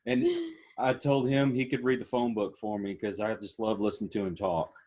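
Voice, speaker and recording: A man's voice: fairly low pitch, animated, normal speed, a little mellow. A man with a Texan accent hosting a casual interview, friendly and a little rambling. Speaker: podcast host.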